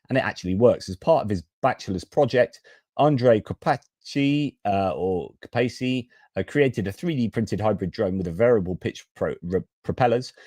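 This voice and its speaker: A man's voice: fairly low pitch, warm tone, dry recording, clean studio sound. A man hosting a live war news stream, reading updates with chatty, wry asides. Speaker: news livestream host.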